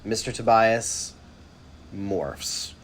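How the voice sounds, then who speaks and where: A man's voice: on the low side, very slow. A man co-hosting a podcast, chatting casually about a book and dropping wry, sarcastic asides. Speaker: podcast co-host.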